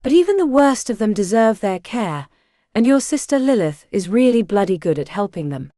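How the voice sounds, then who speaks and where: A woman's voice: mid-range voice, sing-song, normal speed, mellow, no room sound, studio quality, close to an everyday voice. A woman voicing a loyal, headstrong young witch nurse who talks bluntly and urgently, in an audiobook. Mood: defiant.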